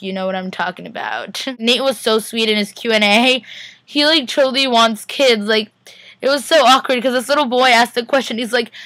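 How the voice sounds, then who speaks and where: A young woman from Northern California rambles through a fan convention recap, her speech peppered with "like" and quoted exchanges. Her voice is bright and a little high. The sound is dry and close. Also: no echo. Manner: chatty, rambling, lots of "like". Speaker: fan vlogger. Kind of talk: casual recap vlog.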